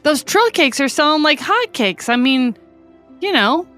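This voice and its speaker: Playful woman player at a tabletop game, pitch jumping all over, quiet music. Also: a little slow. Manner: lively, playful.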